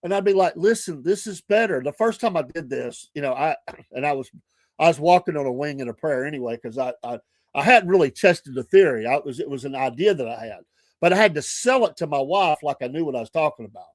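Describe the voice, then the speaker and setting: A man's voice: a little high, expressive, a little fast, dry recording. A middle-aged man, hosting a morning show and telling rambling, chatty stories full of asides and self-corrections. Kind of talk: casual storytelling.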